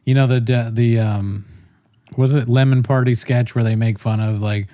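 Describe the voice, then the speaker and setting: A man's voice: mid-range voice, steady tone, normal speed, mellow, no room sound, studio quality. A man co-hosting a comedy podcast, ranting in casual profane chat with frequent restarts. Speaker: podcast co-host.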